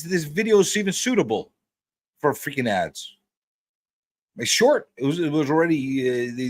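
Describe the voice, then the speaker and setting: A man's voice: mid-range voice, no echo. A man hosting a live stream in casual chat, rambling and repeating his words as he greets viewers by name.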